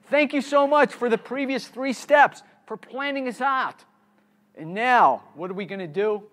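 High-voiced man giving an energetic keynote. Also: a little slow. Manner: energetic, quizzes the audience, repeats key words; frequent restarts and stammered repeats. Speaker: conference keynote speaker. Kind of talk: live keynote presentation. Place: conference stage before a live audience.

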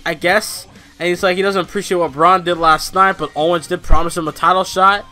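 A wrestling reviewer gives a casual, rambling, foul-mouthed review, working himself into animated rants. His fairly high, bright voice runs a little fast, with faint music in the background.

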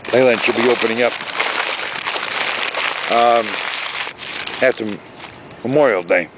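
A man's voice: mid-range voice, a little slow, background noise. A man talking casually to his camera outdoors by a lake, rambling and ranting in a chatty vlog. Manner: rambling, chatty, exaggerated rants. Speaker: vlogger.

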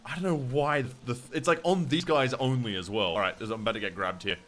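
A man's voice: mid-range voice, quick pace, a bit bright, slight background noise. A young Australian man chatting casually and swearing while he plays a game and answers viewers. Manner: chatty, swears, reads chat aloud. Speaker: gaming streamer. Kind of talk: casual gameplay commentary.

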